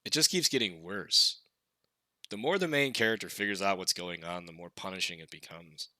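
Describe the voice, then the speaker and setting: A man's voice: low voice, lively intonation, normal speed, bright, forceful tone, no room sound. A man reading a game aloud and reacting to it in a wry, casual way, with some swearing. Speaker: let's play host. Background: faint guitar music.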